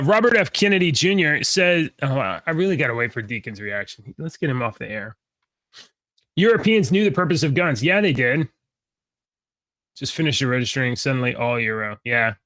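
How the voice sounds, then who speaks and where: Podcast guy, kinda high bright voice, rambles and cracks himself up, dry close mic. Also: expressive, normal speed, no echo. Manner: rambling, self-interrupting, laughs at own jokes. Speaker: podcast co-host. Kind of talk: casual chat.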